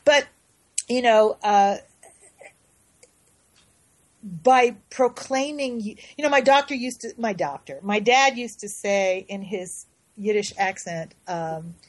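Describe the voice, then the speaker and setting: A woman guest on a radio show, telling a story with animated, halting restarts. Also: medium pitch, poor audio. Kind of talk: casual radio talk.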